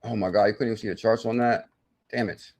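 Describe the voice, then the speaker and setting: A man hosting a live crypto stream, talking in an excitable, salesy way with loud outbursts, thinking aloud as he works through sums and reads the viewer chat. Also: lowish voice, quick pace, gravelly. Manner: thinks aloud while doing sums and checking charts. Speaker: crypto channel host.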